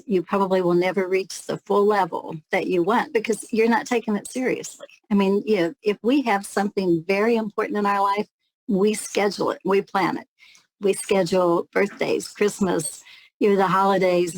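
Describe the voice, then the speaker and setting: A woman's voice: mid-range voice, rough recording. A woman telling a candid, reflective story as an interview guest, now and then laughing lightly. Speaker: guest, network marketing leader.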